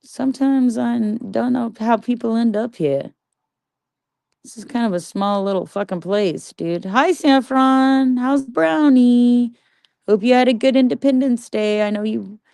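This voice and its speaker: A woman's voice: fairly high pitch, measured pace, gravelly, a little mellow, no room sound, studio quality. A woman livestreaming and chatting casually with viewers, talking bluntly with a lot of swearing and rambling asides. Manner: greets viewers and reads the chat.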